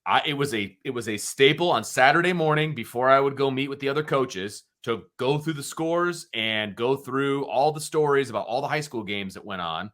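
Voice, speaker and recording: A man's voice: mid-range voice, normal speed, hardly any pauses. A middle-aged man co-hosting a casual sports talk show, a former football coach who speaks emphatically. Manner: animated, emphatic. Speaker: co-host, former high school football coach.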